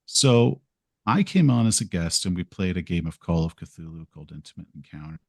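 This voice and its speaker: A man's voice: deep voice, animated, fairly quick, vocal fry, a little mellow, dry recording, studio quality. A man being interviewed as a podcast guest, telling rambling, self-deprecating stories and acting out what he said. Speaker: podcast guest, game video creator. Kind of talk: casual interview storytelling.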